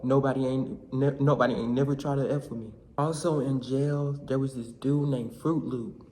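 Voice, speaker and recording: A young man vlogging, telling a comic story in casual slang with animated bursts. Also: medium pitch, normal speed. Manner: animated, slangy, shouts in quoted lines. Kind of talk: comedic storytelling vlog.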